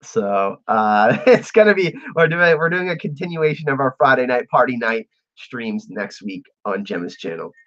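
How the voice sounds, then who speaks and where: A man's voice: medium pitch, lively intonation, moderate pace, few pauses, fairly bright tone, lo-fi sound. A man hosting a casual livestream, chatting with viewers and reading out their messages, laughing often. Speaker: livestream host.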